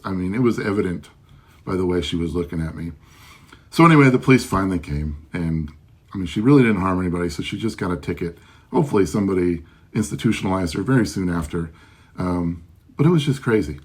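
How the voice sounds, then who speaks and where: A man's voice: low voice, slightly rough. A man who runs a loss prevention business, casually telling a story about his work with frequent ums and restarts. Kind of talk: casual first-person storytelling.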